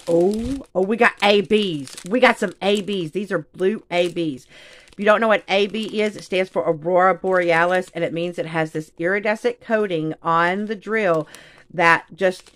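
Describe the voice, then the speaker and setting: A woman chatting excitedly to viewers while unboxing craft kits, calling them y'all. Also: on the low side. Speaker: craft channel host. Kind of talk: casual unboxing chat. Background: crinkling bags.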